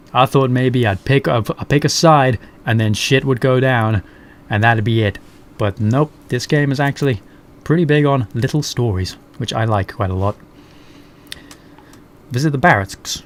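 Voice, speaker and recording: Man, deep bass voice, reading a game aloud, casual asides, faint noise. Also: unhurried. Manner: casual, frank, swearing asides. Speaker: let's play gamer.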